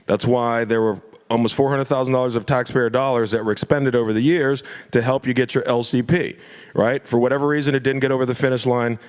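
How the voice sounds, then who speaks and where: A man's voice: medium pitch, fairly even intonation, a little fast, smooth, in a large hall. A man from Florida, an elected official, making impassioned public remarks at a club meeting, emphatic and prone to repeating himself.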